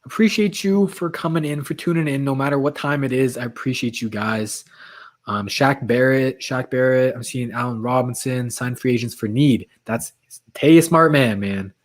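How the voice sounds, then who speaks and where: A man hosts a casual late-night livestream, talking straight to his viewers and reacting to their chat messages. His voice sounds a little worn, as if he has been talking for hours. He talks loosely and restlessly, mid-range in pitch. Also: normal speed. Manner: chatty, reading chat aloud, restless. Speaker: livestream host.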